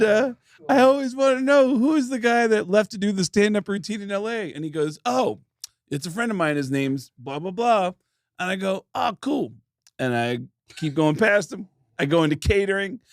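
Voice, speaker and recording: High-voiced laughing male comedian. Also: no echo, clean studio sound. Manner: storytelling, acting out quotes, laughing. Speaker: comedian podcast co-host. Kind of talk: casual comedic chat.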